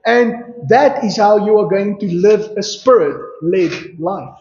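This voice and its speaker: A man's voice: high-pitched, slow, darkish tone. A man preaching a sermon as pastor, emphatic, with rhetorical questions and a repeated "you see". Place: church hall. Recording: echoey church hall, dull lo-fi sound. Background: congregation calling out responses.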